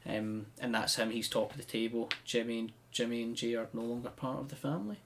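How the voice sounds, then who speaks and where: On a podcast, a male co-host casually recaps a wrestling show, telling it like a chatty storyteller and leaning on "um" and "like" a lot. His medium-pitched voice moves fairly quickly, with some vocal fry, and there's noise in the background.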